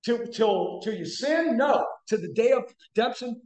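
A man preaches with a very high voice, punching key phrases in loud, emphatic bursts. His sermon rings through an echoey church room. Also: animated, normal speed. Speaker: guest preacher. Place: church sanctuary.

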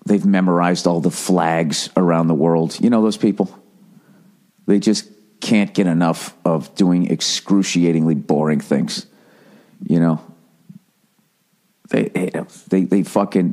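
A man's voice: low voice, warm tone. A middle-aged American man with an American accent, ranting in a profane, rambling, self-mocking comedic monologue as a podcast host.

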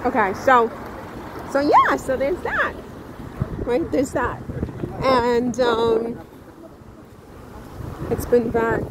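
A woman chats to her camera in a rambling, animated way, full of restarts and little asides. Her voice sits a bit high and she drags her words out slowly. Street noise and wind hiss loudly behind her. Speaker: vlogger. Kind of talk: casual vlog talk to camera. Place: outdoors on town streets.

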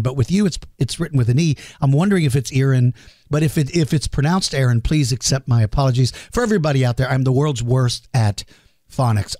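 A man's voice: mid-range voice, darkish tone, no echo, clean studio sound. A middle-aged man hosting a podcast, casually answering listener questions in a chatty, self-deprecating way. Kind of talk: casual Q&A monologue.

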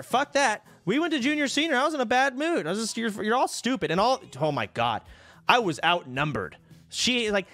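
A man's voice: extremely high pitch, sing-song, normal speed, pushed and bright, faint music behind. A young man streaming from home, telling old stories in a casual, profane, sarcastic way into a desk mic. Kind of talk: casual storytelling to a live stream audience.

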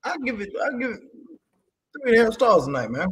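A man's voice: very high voice, very animated, fairly quick. A man co-hosting a casual live-stream wrestling show, joking along and ending his lines with "boy". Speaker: co-host.

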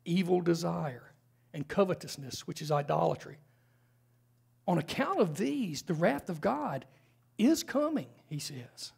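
A man's voice: sits high, vocal fry, darkish tone, slightly rough. A man preaching a sermon in a church, conversational, with frequent rhetorical questions. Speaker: pastor. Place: church sanctuary.

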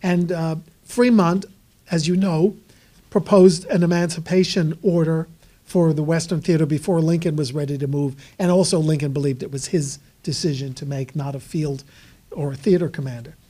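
A man's voice: a little high, steady tone, moderate pace, mellow. A man giving a conversational history talk, with wry asides and frequent fillers. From United States. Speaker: author and historian speaker. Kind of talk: lecture storytelling.

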